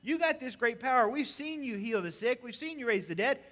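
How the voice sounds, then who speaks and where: A man's voice: on the high side, very animated, a little slow, bright, forceful tone, exaggerated voice. A man acting out an alarmed male disciple who urgently protests and pleads with his teacher. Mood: alarmed, pleading.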